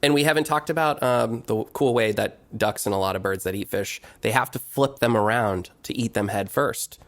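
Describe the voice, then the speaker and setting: A man's voice: on the low side, normal speed, fairly bright tone. A man co-hosting a casual podcast, enthusiastic and jokey in his banter. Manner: enthusiastic, jokey, breaks into silly chants. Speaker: podcast co-host. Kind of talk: casual chat.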